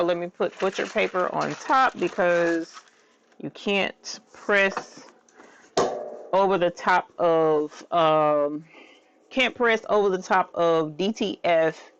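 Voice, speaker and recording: A woman hosting a casual craft stream, bubbly and excitable, often squealing and laughing. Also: low voice, vocal fry. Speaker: crafting channel host. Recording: dull, slightly lo-fi sound.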